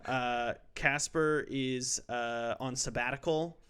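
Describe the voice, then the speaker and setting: A man's voice: mid-range voice, fairly even intonation, slow, sharp tone, clean tone. A young man hosting a casual podcast about games, joking and self-deprecating as he rambles through the intro. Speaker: podcast host. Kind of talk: casual chat.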